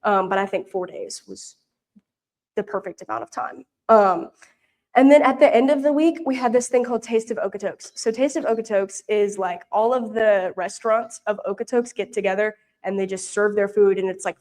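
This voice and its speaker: With a mid-range, slightly mellow voice, a young Louisiana woman from the US South serves as a mission intern reporting at a church prayer meeting. Her storytelling is casual and rambling, packed with fillers and restarts.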